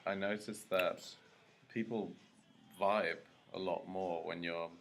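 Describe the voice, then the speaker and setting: A relaxed man with a London accent and a very low voice. He speaks in a flat, even tone and hesitates often while he chats. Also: slow pace, vocal fry, a little hiss or hum. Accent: London English. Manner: relaxed, hesitant, many "like" fillers. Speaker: guest. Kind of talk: casual interview chat.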